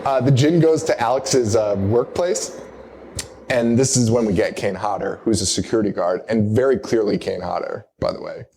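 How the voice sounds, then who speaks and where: A man's voice: fairly low pitch, normal speed, warm tone, slight background noise. A young man hosting a live horror podcast, recapping a movie in rambling, casual banter with lots of laughter and acted-out quotes. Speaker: podcast host. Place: live show in a bar or venue.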